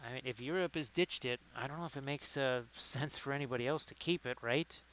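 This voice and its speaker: Clear-voiced man chatting on a stream. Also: medium pitch, fairly quick, fairly bright tone, low-quality recording. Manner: rambling, reads chat aloud. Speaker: livestream host. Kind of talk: casual chat while painting.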